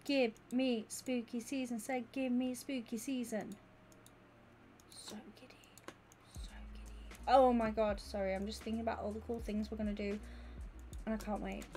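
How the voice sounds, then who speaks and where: A woman, chatting casually and excitably with viewers during a gaming stream. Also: on the high side, moderate pace, slight background noise. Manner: excitable and gushing, chatting with viewers while she plays. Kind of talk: casual live-stream chat.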